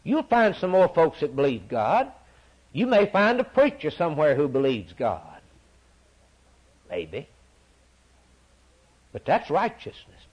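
A male preacher delivers a sermon with a fairly high voice. His pitch leaps and falls with wide, lively movement. He drops to near-whispers and then climbs back to ringing declarations, repeating phrases to drive them home. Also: slow pace, pauses often, husky. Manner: dramatic swings from loud to hushed, repetitive emphasis.

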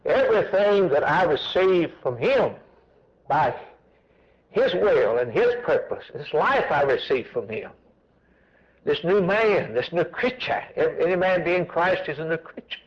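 A man's voice: a little high, expressive, a little slow, muffled recording. A man preaching a sermon with an emphatic, repetitive cadence, asking and then answering his own questions.

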